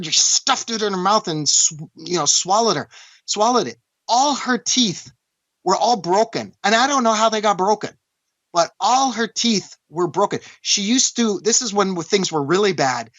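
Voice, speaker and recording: A man from Canada, recounting a personal story as an interview guest in an earnest, halting way, often restarting and saying "you know". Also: sits high, fairly bright tone, no echo. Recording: dull, dry lo-fi recording.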